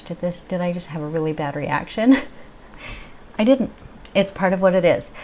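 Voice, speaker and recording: A woman's voice: lowish voice, a little mellow, slight background noise. A woman vlogger telling a personal story in a chatty, upbeat way with the odd laugh. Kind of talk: casual chat.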